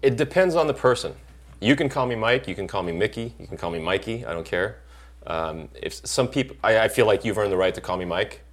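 Man telling animated showbiz stories. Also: on the low side, a little fast. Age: middle-aged. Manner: animated storyteller acting out quoted voices. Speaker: actor guest. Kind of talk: casual chat.

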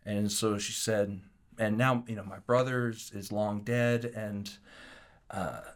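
A man telling a story as an interview guest, animated and acting out the quotes, with frequent restarts. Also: lowish voice, slow. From Kansas City area.

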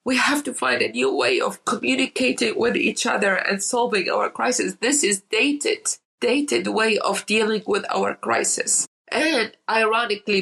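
A woman's voice: mid-range voice, gravelly, a bit bright, slightly rough, poor audio. A woman from Iraq, an interview guest telling emotional stories and repeating words for emphasis. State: emotional, near tears. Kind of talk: emotional storytelling in conversation.

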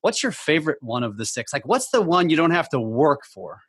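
Male co-host, casual, thoughtful questioner, slightly high voice. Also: very animated, a bit bright, husky, dry recording. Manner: thoughtful, halting, restarts mid-sentence. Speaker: podcast co-host. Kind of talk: casual interview chat.

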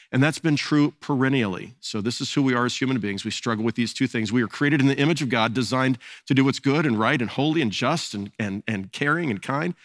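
A man's voice: mid-range voice, fairly bright tone, dry recording. A man preaching a sermon as pastor, earnest and often repeating words as he searches for phrasing.

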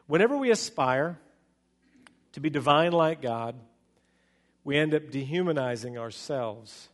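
A middle-aged man preaches with a fairly high voice, moving from bursts of loud excitement down to slow, hushed stretches. His sermon carries the long reverb of a large hall around it. He tells stories like a pastor speaking to his congregation.

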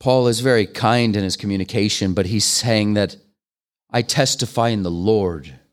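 A man's voice: lowish voice, normal speed. An older man preaching a sermon, earnest and pleading, pressing his listeners with questions that rise into fervent appeals. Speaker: guest preacher.

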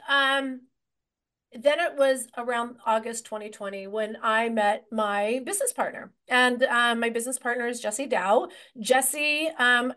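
Energetic rambling woman realtor. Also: fairly high pitch. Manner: energetic and rambling, many restarts. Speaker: real estate agent, guest. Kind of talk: conversational storytelling interview.

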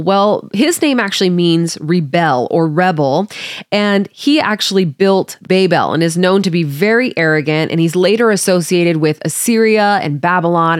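Low-voiced woman reading Bible with commentary. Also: no echo, clean studio sound. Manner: friendly, explaining her study tools to listeners. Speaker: Bible study podcast host.

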